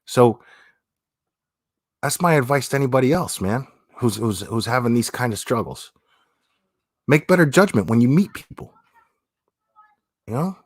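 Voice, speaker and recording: A man holds forth on his livestream in a blunt, profane way, repeating himself for emphasis. His voice is husky and swings up and down a lot. The sound is dry and close. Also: medium pitch, no room sound. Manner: blunt, swearing, repeats phrases, says "man" often. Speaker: livestream host. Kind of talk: blunt opinionated livestream talk.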